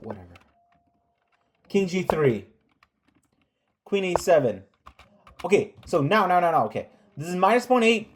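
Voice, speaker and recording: Chess recap host, mid-pitched, sarcastic, scolding, reads move lists fast. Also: big pitch swings, a little hiss or hum. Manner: sarcastic, scolding the players with rhetorical questions; calls out moves in rapid lists. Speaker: chess commentator. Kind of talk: chess game recap commentary.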